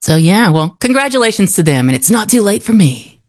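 A woman's voice: mid-range voice, very animated, a little fast, a little mellow. A woman co-hosting a radio morning show, telling celebrity gossip in a chatty, wry way and laughing easily. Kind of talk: casual showbiz gossip chat. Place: radio studio.

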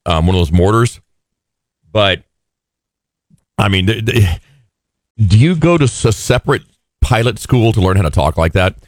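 Male radio host, deep and gravelly, playful and lively delivery. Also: moderate pace, long pauses, no echo, clean studio sound. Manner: jokey, drops into mock pilot voices. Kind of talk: casual morning show banter.

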